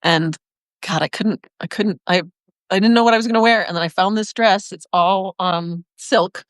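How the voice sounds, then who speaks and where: A woman's voice: lowish voice, dry recording, clean studio sound. A woman hosting a casual livestream from her phone outdoors in a neighborhood, chatting and laughing often as she greets viewers. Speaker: livestream host.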